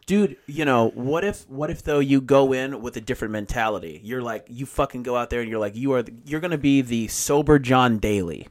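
A man's voice: medium pitch, brisk, hardly any pauses. A young man hosting a podcast, laid-back and joking, asking curious questions in casual chat. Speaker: podcast host.

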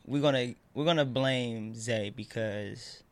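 A man co-hosting a casual chat, relaxed and joking, with a slangy way of talking. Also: medium pitch, measured pace. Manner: laid-back, joking, slangy. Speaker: co-host.

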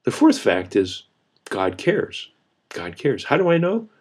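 A man's voice: mid-range voice, wildly swooping pitch, measured pace, a little mellow, husky. A man preaching a sermon as a pastor, earnest and repeating key phrases for emphasis.

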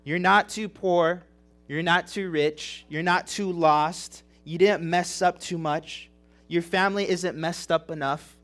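A man's voice: a little high, steady tone, slow pace, a bit bright. A young man preaching a sermon as pastor, earnest and emotional, repeating phrases and asking rhetorical questions. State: tearing up.

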